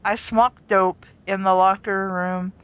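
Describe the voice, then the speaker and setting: A woman's voice: mid-range voice, little pitch movement, takes it slowly, a bit bright, dull audio. A woman reading a story aloud for laughs, giggling and poking fun at herself between lines. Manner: giggly, self-mocking. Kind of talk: comedic reading with banter.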